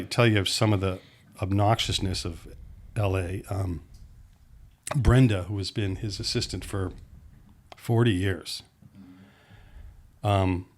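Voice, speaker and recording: Man, middle-aged, from Pennsylvania, lowish voice, rambling podcast storyteller. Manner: rambling, restarts mid-sentence, acts out quotes. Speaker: filmmaker guest. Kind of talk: anecdotal storytelling in a podcast chat.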